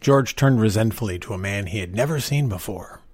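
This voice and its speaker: Husky man reading a story. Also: on the low side, expressive, brisk, darkish tone, no echo, studio quality. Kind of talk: reading a short story aloud.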